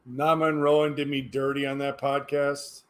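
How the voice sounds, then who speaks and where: A man talks on a livestream in a loose, rambling way at an ordinary mid pitch. He sounds tired, restarts his sentences and lets them trail off into quiet mumbling. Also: little pitch movement, normal speed. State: tired, yawning. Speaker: livestreamer reading chat. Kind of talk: casual livestream chat.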